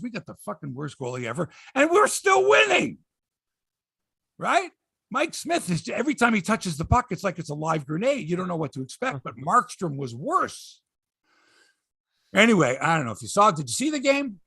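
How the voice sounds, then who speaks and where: Animated, high-voiced man. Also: a little fast, vocal fry, breathy edge, no room sound, clean studio sound. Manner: animated, excitable storytelling with swearing and impressions. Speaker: sports podcast host. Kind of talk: casual sports chat.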